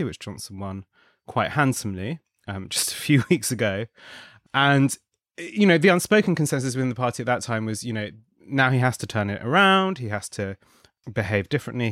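A man with a fairly low voice talks through the news as a podcast guest. His speech is thoughtful and wry, full of ums, false starts and self-corrections, and it sounds dry and close with no room echo. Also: a bit bright. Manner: thoughtful, wry, with frequent fillers and restarts. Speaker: guest, contributing editor. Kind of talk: conversational political analysis.

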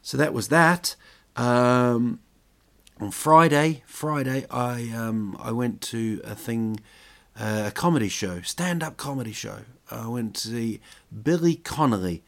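A man's voice: medium pitch, a little slow, fairly bright tone. A man hosting a podcast, telling jokey stories in a rambling, casual monologue full of restarts. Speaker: podcast host.

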